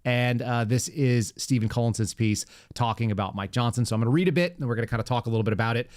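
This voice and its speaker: Sarcastic podcast host, dry close sound. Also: male voice, medium pitch, no room sound. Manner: sarcastic, rambling, quick asides. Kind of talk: casual political podcast chat.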